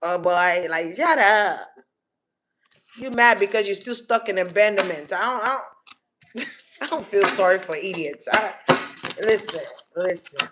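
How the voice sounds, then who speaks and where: A tarot reader gives a casual collective reading, blunt and slangy, cursing freely and repeating words for emphasis. Her voice is medium-pitched at a normal speed, with background noise present.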